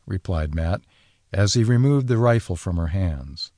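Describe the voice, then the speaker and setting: Male audiobook narrator, measured delivery, lively pitch, dry close-mic studio sound. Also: no echo. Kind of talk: scripted narration.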